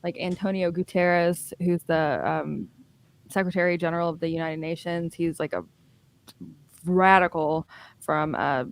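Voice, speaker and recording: Low-voiced woman with sardonic humor. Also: dry recording. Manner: sardonic, wry commentary. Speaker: podcast guest. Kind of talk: casual podcast chat.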